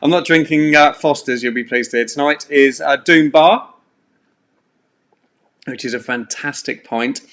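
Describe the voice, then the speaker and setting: A man runs a live-streamed pub quiz from a bedroom at home. His voice sits at an ordinary middle pitch. He talks in a loose, rambling way with plenty of fillers. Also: unhurried, pauses often, fairly bright tone. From England. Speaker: quiz host.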